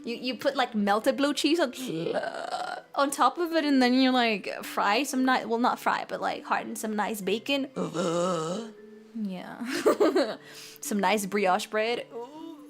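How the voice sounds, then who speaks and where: A woman's voice: on the high side, unhurried. A young woman chatting casually on a cooking stream, rambling and giggling often.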